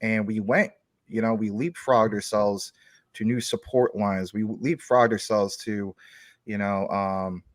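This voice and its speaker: A man's voice: fairly low pitch, fairly even intonation, measured pace, no echo, studio quality. A man talking as a guest on a casual chat show, explaining things at length through long everyday analogies.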